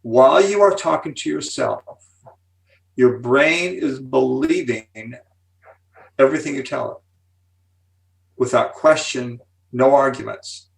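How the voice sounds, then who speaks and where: A gravelly-voiced man in his seventies explains with animated enthusiasm, building suspense before each key point like a seasoned speaker. His voice sits a little back from the microphone. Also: mid-range voice, slow pace, long pauses, distant mic, low-quality recording. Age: 70s. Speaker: psychology speaker and author, interview guest.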